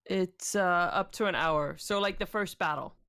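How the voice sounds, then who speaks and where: A woman player in a tabletop game, speaking slowly and thoughtfully in casual talk. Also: lowish voice, fairly bright tone.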